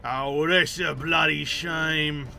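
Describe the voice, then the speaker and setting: A man doing a gruff hearty blacksmith. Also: fairly high pitch, steady tone, takes it slowly, bright, forceful tone, soft background music, exaggerated voice. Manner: rough sailor-like speech, dropped words.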